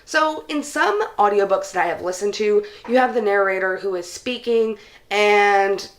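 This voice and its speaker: A woman's voice: mid-range voice, moderate pace. Young woman, book vlogger, chatty, enthusiastic, talks to viewers. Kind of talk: casual book review chat.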